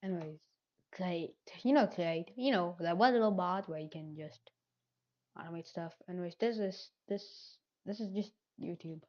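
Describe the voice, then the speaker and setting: A woman's voice: fairly low pitch, moderate pace, darkish tone, dull audio. A woman chatting casually in a vlog, tossing off offhand asides.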